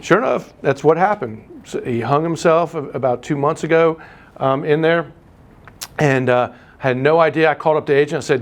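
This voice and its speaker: Animated man teaching a class. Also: a little high. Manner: animated storyteller, teasing, quick asides. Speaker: real estate instructor. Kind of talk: live class lecture with anecdotes.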